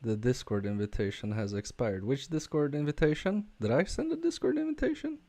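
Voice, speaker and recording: A man casually chatting with viewers on a live stream while repairing a game controller, talking haltingly with fillers and restarts. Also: mid-range voice, very animated, vocal fry, mellow. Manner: halting, many fillers and restarts, chuckling asides. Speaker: repair livestreamer.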